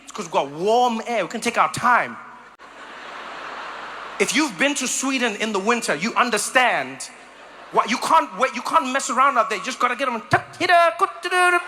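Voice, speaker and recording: A man from South Africa performing a stand-up comedy set, animated and acting out voices and sounds in sudden bursts. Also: very high voice, normal speed, a little hiss or hum.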